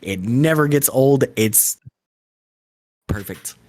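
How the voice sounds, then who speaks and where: A man's voice: medium pitch, takes it slowly, a little mellow. A young man co-hosting a podcast, telling a long joke in a rambling, profane, laid-back way. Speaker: podcast co-host. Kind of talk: casual joke storytelling.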